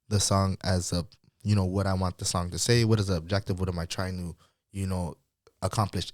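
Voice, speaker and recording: A man with a fairly low voice chats as a guest on a podcast, relaxed and full of slang. His voice sounds dry and close to the mic. He laughs easily as he talks. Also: no echo. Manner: laid-back slangy talk, laughs often. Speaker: guest singer. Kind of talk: casual podcast interview.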